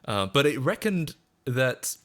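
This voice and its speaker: A man's voice: mid-range voice, sing-song, takes it slowly, fairly bright tone. A man with an Australian accent chatting casually on a live stream, rambling and self-deprecating with frequent chuckles.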